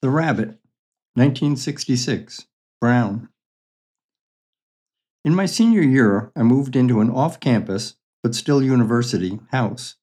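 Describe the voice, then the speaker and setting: A man's voice: medium pitch, animated, measured pace, long pauses, mellow, slightly rough. An older man reading his own memoir stories aloud in a dry, matter-of-fact, wry way. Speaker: memoir storyteller.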